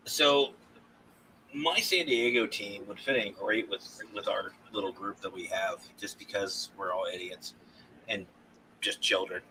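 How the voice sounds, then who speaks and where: A man, a paranormal consultant guest, telling animated stories in casual podcast chat and laughing often. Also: lowish voice, a little slow, slight background noise, poor audio.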